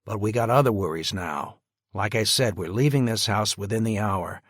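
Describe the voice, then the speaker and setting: A man's voice: lowish voice, normal speed, no room sound, clean studio sound, close to an everyday voice. A man voicing a protective middle-aged father who gives clipped, commanding orders.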